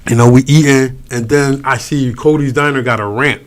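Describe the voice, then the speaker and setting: A man's voice: medium pitch, fairly even intonation, moderate pace, noisy background. A man, cohosting a casual podcast chat, telling a story in slang with laughs and restarts. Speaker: podcast co-host.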